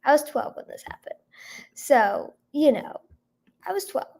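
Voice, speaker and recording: Hoarse young-sounding woman chatting to her stream. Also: sits high, lively intonation, unhurried, a little mellow. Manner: chatty, lots of "like" and "um", thanks viewers by name. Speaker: singer-songwriter streaming to her chat. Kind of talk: casual livestream chat.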